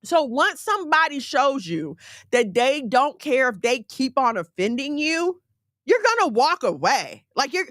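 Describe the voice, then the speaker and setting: Woman preaching casual and direct, kinda high voice, lots of slang, dry close sound. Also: measured pace, no room sound. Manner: animated, direct, uses slang. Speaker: faith teacher. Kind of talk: conversational sermon.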